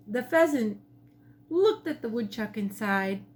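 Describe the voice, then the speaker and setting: A woman, a teacher, reading her own picture book to children from her home kitchen with gentle, expressive storytelling. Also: fairly high pitch, slow, slight background noise.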